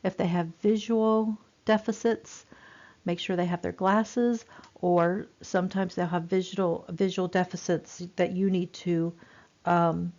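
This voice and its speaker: A woman's voice: on the low side, fairly even intonation, unhurried, darkish tone. A woman, giving a chatty recorded nursing lecture with many fillers and repeats. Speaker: nursing instructor. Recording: dull lo-fi recording.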